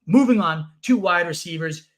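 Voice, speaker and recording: A male fantasy football co-host with a high voice chats through casual sports analysis. He's excitable and emphatic, swearing for emphasis and firing off quick bursts of excitement.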